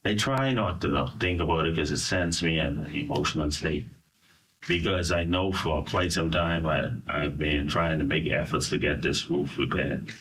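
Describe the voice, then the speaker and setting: A middle-aged Bahamian man recounting a personal ordeal in an interview, halting and full of "you know". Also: a bass voice, fairly bright tone, slight background noise. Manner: halting, searching for words, frequent "you know". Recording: voice from a distance.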